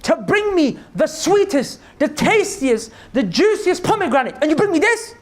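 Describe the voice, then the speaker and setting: A man's voice: very high voice, expressive, fast, pitched above the performer's own voice. A man voicing a rich older garden owner who scolds his worker with exasperated questions. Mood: indignant.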